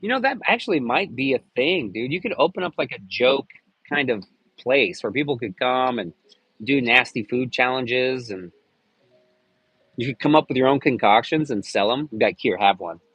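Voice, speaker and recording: Husky, crude, rambling man on a stream. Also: medium pitch, expressive, normal speed, a bit bright, dry recording, dull audio. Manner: crude, rambling, jokey with frequent cursing. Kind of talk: casual live-stream chat.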